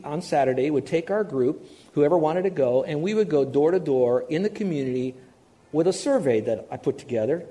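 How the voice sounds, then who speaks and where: Casual: guy preaching a sermon, chatty storyteller, kinda high but mellow voice, keeps asking the crowd stuff. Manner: conversational storytelling, asks the audience questions. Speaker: pastor.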